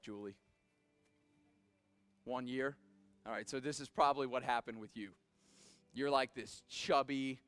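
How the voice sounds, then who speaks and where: A man preaching a sermon to a live audience. He swings from hushed pleading to shouted exhortation and drops in casual, joking asides. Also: on the high side, clean tone, dry recording. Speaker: pastor.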